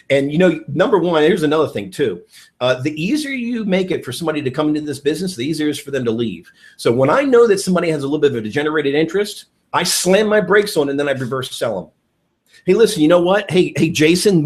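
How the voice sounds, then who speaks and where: A man giving an energetic training talk on network marketing, enthusiastic and repeating his key points. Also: on the high side.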